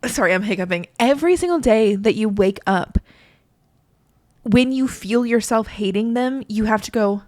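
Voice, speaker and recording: A woman's voice: a little high, unhurried, darkish tone. A woman in her late twenties co-hosting a podcast, telling a candid personal story in casual chat, full of "like" and restarts. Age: 20s. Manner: candid, filler-heavy storytelling with frequent "like". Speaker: podcast co-host.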